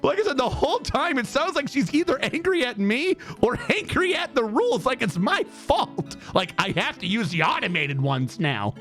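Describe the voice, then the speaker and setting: Male streamer, high and very lively voice, animated casual storyteller who laughs a lot. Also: moderate pace, few pauses, faint music behind. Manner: animated, laughs often, jumps up high in pitch.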